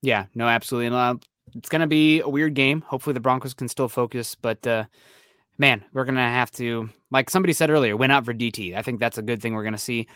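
A young man co-hosting a casual sports podcast, telling stories in a quick, excitable way. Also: mid-range voice, clean tone, no echo, studio quality. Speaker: podcast co-host.

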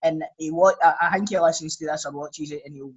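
A Scottish man telling sweary, animated stories in a casual podcast chat. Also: on the high side, quick pace, breathy edge.

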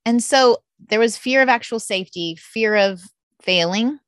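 A woman's voice: fairly high pitch, a little slow, no echo, studio quality. A woman in her thirties, a mother and guest, chatting animatedly and voicing her own past thoughts in quotes. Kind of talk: podcast conversation.

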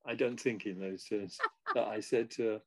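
A man's voice: lowish voice, moderate pace, darkish tone, no echo, low-quality recording. A man in his eighties, a guest musician, telling stories casually with frequent chuckles. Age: 80s. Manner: chuckling, self-deprecating. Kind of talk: casual storytelling.

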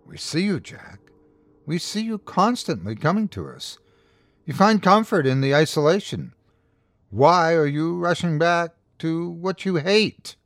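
A man voicing an ancient, horned, inhuman being that speaks calmly and with curiosity, slow and quietly menacing. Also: a little high, no echo, pitched above the performer's own voice.

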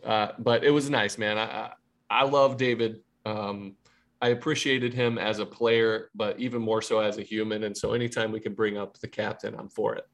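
A man's voice: on the low side, little pitch movement, normal speed. A man co-hosting a podcast in casual sports chat, easygoing and often restarting his words. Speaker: podcast co-host.

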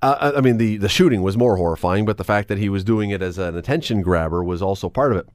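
A man's voice: on the low side, no echo, studio quality. Chatty radio host man. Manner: chatty, animated, quick asides. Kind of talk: talk radio discussion. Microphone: studio microphone.

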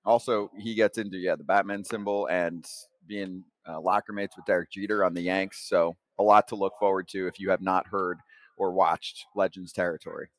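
A man hosting a sports podcast, talking in an excited way and laughing easily. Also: deep voice, moderate pace, no echo. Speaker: podcast host.

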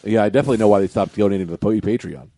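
A man's voice: lowish voice, very fast, warm tone. A man hosting a podcast, rambling through crude jokes and laughing at his own bits. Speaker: podcast host. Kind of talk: casual comedy chat. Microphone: podcast microphone with headphones.

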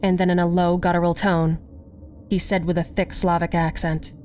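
Casting: female horror narrator, lower voice, unhurried and measured, faint music underneath. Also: flat delivery, a little mellow. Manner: slow, measured storytelling. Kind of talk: scripted horror story narration.

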